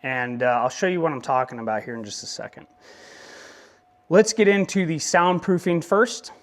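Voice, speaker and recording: A man's voice: a little high, animated, moderate pace. A young man talking casually in a motorcycle vlog, rambling with joking asides. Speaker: motovlogger.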